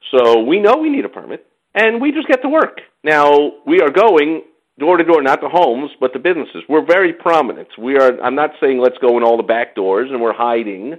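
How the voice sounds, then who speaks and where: A man hosting a talk show, telling stories in a lively, chatty way and acting out other people's voices when he quotes them. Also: mid-range voice, moderate pace, dull audio. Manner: animated storytelling, mimics others in quotes. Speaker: podcast host. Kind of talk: casual chat.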